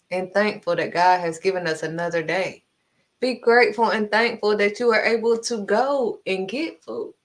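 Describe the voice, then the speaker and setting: A woman giving an informal devotional message, emphatic and scolding, hammering her points home with short blunt words. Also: mid-range voice. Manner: informal, conversational preaching. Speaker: preacher.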